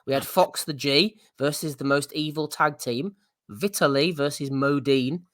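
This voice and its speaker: Giggly podcast host. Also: male voice, on the high side, steady tone, measured pace, fairly bright tone, no echo, clean studio sound. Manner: giggly, reads out news items. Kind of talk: casual chat.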